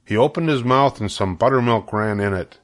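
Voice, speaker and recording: An older man reading a children's book aloud with steady, clear storytelling. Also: mid-range voice, fairly quick.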